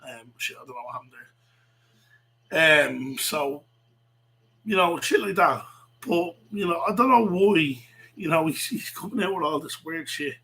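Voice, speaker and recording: A man's voice: on the high side, expressive, measured pace, creaky, long pauses, bright, forceful tone, poor audio. A man ranting in a rambling way, swearing a lot, with many fillers and restarts. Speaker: vlogger. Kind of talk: rambling rant to camera.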